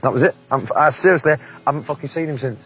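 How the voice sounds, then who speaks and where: A man's voice: fairly high pitch, fast talker, a bit bright. A Mancunian man in his forties, telling blunt, sweary anecdotes in a casual interview and laughing often. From England.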